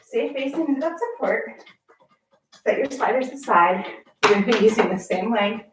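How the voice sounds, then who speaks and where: A woman's voice: fairly high pitch, expressive, moderate pace, noisy background. A woman leading a barre workout class, out of breath from exercising and counting reps aloud with short encouraging cues. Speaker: barre fitness instructor. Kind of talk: guided workout class cueing. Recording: echoey room, distant mic, faint background music.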